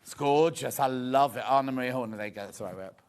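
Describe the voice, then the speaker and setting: A man's voice: medium pitch, fast, a little mellow, clear, resonant tone. A man presenting a live shopping show, with cheerful, chatty sales patter and asides to the crew behind the camera. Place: TV studio.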